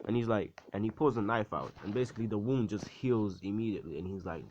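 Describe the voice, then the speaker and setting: A man casually rambles through a fan story, leaning on fillers as he goes. His voice is low. The recording sounds dull and lo-fi. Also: fast talker, hardly any pauses, background noise. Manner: rambling, full of "like" and "basically". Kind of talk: casual fan-fiction retelling.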